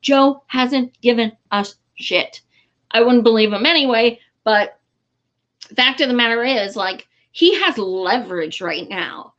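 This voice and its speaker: A woman vlogging her political commentary, blunt and exasperated, swearing freely and filling pauses with "um." Her voice sits a bit high and she talks slowly. The audio is dull and muffled. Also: expressive, fairly bright tone. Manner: frustrated, blunt, swears freely, many fillers. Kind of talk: casual vlog commentary.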